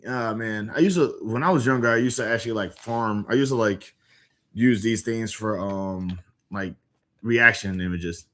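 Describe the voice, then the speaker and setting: A man's voice: fairly low pitch, moderate pace, fairly bright tone. A man streaming, chatting casually in a laid-back, rambling way over the game. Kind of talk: casual live-stream commentary.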